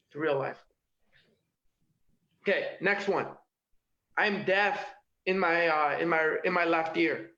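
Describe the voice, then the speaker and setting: Guy doing standup from his kitchen, high voice, keeps going "okay? all right?", echoey room. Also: a bit bright. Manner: punchy delivery, tags jokes with "okay?" and "all right?". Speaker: stand-up comedian. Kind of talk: stand-up routine. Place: home kitchen. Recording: roomy, dull lo-fi home recording.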